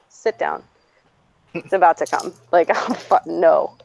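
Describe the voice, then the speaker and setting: A woman's voice: medium pitch, lively intonation, unhurried, gravelly, a little mellow, no room sound. A blunt woman rambles through a story, swearing freely and breaking into laughs between lines. Her voice sits mid-range for a woman. The sound is dry, close and a little dull, like a cheap home mic. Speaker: streamer host. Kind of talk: casual storytelling chat.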